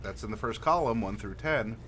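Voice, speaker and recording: A man hosting a livestream as game master, friendly and unhurried, asking chat for dice rolls and pausing with fillers. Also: fairly low pitch, expressive, a bit bright, slight background noise. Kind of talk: livestream character creation, talking to chat.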